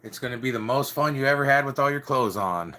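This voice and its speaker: A man's voice: mid-range voice, fast talker, pushed and bright. A young man telling stories casually to camera in a loose, slangy, swearing way, acting out the quotes.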